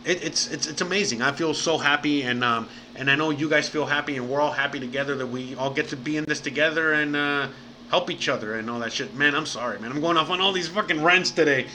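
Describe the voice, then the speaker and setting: Male livestream host, slightly high and very bright voice, loose and profane delivery. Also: quick pace, a little hiss or hum. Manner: rambling and profane, says bro and man often. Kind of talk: casual livestream chat.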